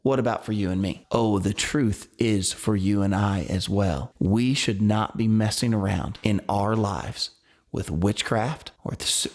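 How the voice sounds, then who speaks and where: A man with a light Southern US country accent, a pastor leading an earnest, emphatic Bible study. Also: fairly low pitch. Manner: earnest, emphatic preaching with bursts of exclamation.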